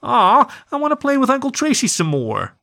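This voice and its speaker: A man voicing a four-year-old girl puppy, high and pouty as she insists on having her way. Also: wildly swooping pitch, moderate pace, vocal fry, pushed and bright, exaggerated voice. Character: excited little girl pup, birthday girl.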